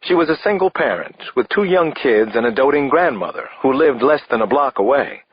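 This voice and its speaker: A man narrating a first-person thriller audiobook in a measured, expressive way. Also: mid-range voice, slightly rough, dry recording. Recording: slightly dull, dry studio audiobook.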